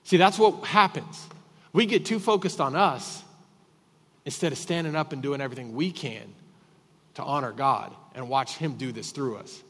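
A man preaching a sermon as pastor, emphatic and repetitive, swinging between loud and quiet. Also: medium pitch, moderate pace, long reverb tail. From Texas.

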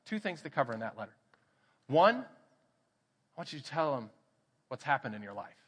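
A man's voice: mid-range voice, a little fast, husky. A man with a Texan accent, a pastor telling a personal story in a sermon and acting out the voices in it. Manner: animated storytelling, acts out quoted voices. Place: church sanctuary. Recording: church hall reverb.

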